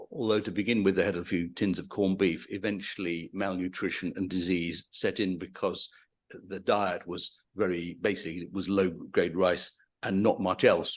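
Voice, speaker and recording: A man with a somewhat low voice gives a lecture in a hall. He halts often with fillers, then reads passages aloud with more drama. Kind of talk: public lecture with read-aloud testimony.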